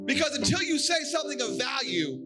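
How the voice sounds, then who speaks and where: High-voiced man preaching emphatically. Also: sing-song, fairly quick, loud music behind the voice. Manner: emphatic preaching, bursts into shouts. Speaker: pastor. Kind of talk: sermon. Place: church, live congregation.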